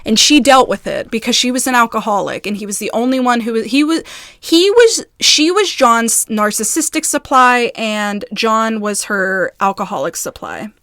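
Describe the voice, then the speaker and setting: A woman vlogger in a casual video, reading messages aloud in quick bursts and breaking off in agitated, halting asides. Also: on the high side, lively intonation, pushed and bright, no echo, studio quality. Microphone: phone.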